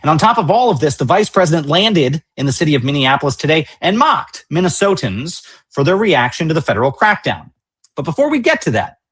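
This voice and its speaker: A man's voice: fairly high pitch, slightly rough. A man hosting a political news show, delivering indignant commentary with emphatic, repeated rhetorical lines.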